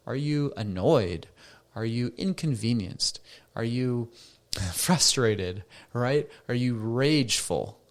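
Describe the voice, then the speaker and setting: A middle-aged man hosting a solo podcast as a counselor, talking conversationally and asking rhetorical questions. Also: medium pitch. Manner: conversational, rhetorical questions, acts out quoted voices.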